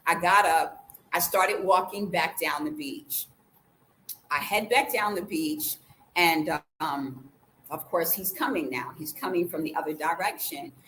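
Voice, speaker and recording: A woman vlogger telling a personal story in a casual way, acting out the quoted dialogue with lively changes of voice. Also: low-pitched, a little slow, slight background noise, poor audio. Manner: animated, acts out the quoted dialogue.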